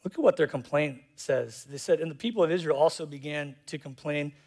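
A man preaching a sermon as pastor, animated and jokey, acting out voices in quotes. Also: on the high side, brisk. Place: church auditorium.

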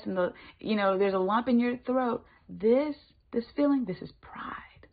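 A woman giving a spoken Christian devotional, moving between emphatic lines and hushed whispers. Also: fairly high pitch, measured pace, gravelly. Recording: tinny phone-like sound.

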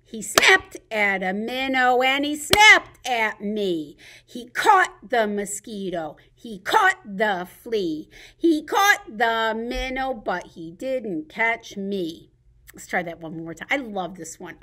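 A children's librarian reads picture books and turtle rhymes to babies in a lively, sing-song way. Her voice sits on the high side and she takes a slow pace.

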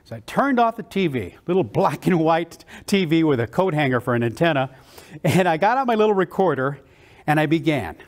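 Keynote speaker from South Texas, male, high, lively voice, big enthusiastic storyteller. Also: fairly quick. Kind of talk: motivational storytelling speech.

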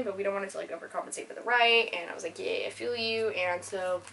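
A woman's voice: medium pitch, a little fast, gravelly. Chatty young woman telling a story. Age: young adult. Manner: chatty and animated, acts out voices in retold dialogue. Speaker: vlogger. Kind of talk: casual storytelling vlog.

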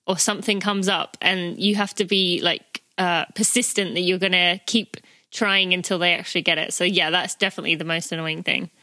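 Woman podcast host, mid-pitch, bright tone, dry close mic; casual, rambling chat. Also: brisk, no room sound. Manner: chatty, filler-heavy, lively quoting. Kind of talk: casual chat between friends.

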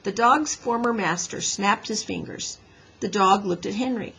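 A woman teacher reading a children's book aloud in a lively storybook manner, slightly raspy. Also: mid-range voice, unhurried, low-quality recording.

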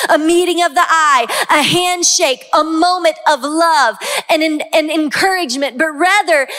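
Impassioned woman pastor, high voice, echoing hall. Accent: Southern US. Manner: impassioned, rising to shouts on key lines. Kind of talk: sermon. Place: large church sanctuary. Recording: long hall reverb.

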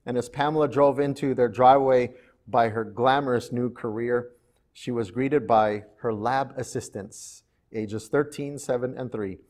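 A man pastor delivering a sermon in a church, in an unhurried storytelling manner. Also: medium pitch, steady tone, a little mellow.

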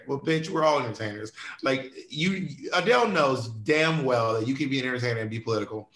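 A man's voice: medium pitch, fairly quick, few pauses, bright, forceful tone, echoey room. A man, chatting playfully as an interview guest, often swearing and mimicking posh voices. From United States. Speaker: interview guest, drag performer. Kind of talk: casual chat.

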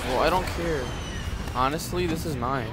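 A man's voice: on the high side, normal speed, very noisy. A young man streaming a game live, rambling to his chat with restarts and asides. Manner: chatty, rambling, talks to chat. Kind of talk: live gameplay commentary.

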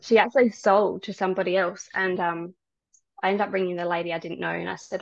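Softly hesitant woman telling her story. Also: on the low side, level tone, a little fast, creaky, no room sound. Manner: soft, hesitant storytelling with many ums. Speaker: podcast guest. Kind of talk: casual interview chat. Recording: dry, dull lo-fi sound.

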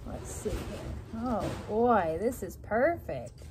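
A woman speaks in a gentle, cooing voice, soothing an animal in a casual outdoor vlog. Her pitch sits in the middle range and her talk stays soft and tender. Faint farm sounds hiss quietly behind her. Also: big pitch swings, slow pace. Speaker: vlogger, pet owner. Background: faint farm ambience, geese and rain.

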